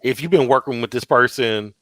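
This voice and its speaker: A man's voice: medium pitch, a little fast, fairly bright tone, no echo. A man co-hosting a podcast, talking things through casually with everyday examples. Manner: reasoning aloud with examples, conversational. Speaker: podcast co-host. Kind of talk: casual chat.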